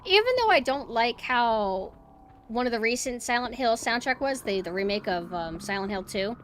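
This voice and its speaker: A young woman streaming a horror game, chatting casually and excitably as she plays. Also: on the high side, moderate pace, soft background music. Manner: chatty, excitable, cheering her dog on. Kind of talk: casual gameplay commentary.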